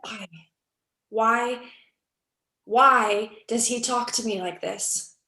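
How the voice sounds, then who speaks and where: A woman reading the part of a weary, heartsick young actress in a cold reading over a video call, wistful and shifting between hushed and urgent. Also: mid-range voice, steady tone, unhurried, creaky. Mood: agitated. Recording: echoey room on a video call.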